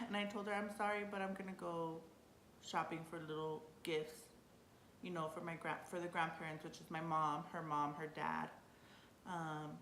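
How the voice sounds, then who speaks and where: Chatty young woman telling a story, roomy. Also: moderate pace. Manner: chatty and excitable, laughs often, trails off and restarts. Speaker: vlogger. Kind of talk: casual storytelling. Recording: roomy with faint rumble.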